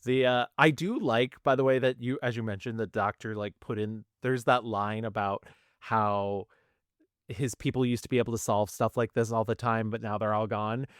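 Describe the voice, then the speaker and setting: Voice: mid-range voice, fairly even intonation, normal speed, no echo, clean studio sound. A podcast guest talking through an episode in a thoughtful, enthusiastic way. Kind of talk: casual podcast discussion.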